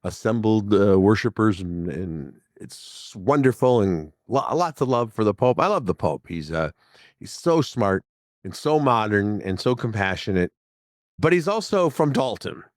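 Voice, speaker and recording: A man in his sixties from the Chicago area talks through a casual podcast monologue. His low voice wanders from one point to the next with frequent chuckles. The sound is dry and close to the mic, with no room around it. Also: big pitch swings, measured pace, no echo. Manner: chatty, digressive, chuckling often. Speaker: podcast host.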